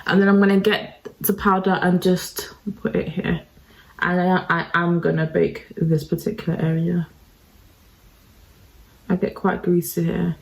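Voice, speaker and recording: In a low-quality recording, a beauty vlogger gives a relaxed makeup tutorial, addressing viewers directly with self-deprecating chatter. She speaks unhurriedly in a lowish, creaky voice with little pitch movement.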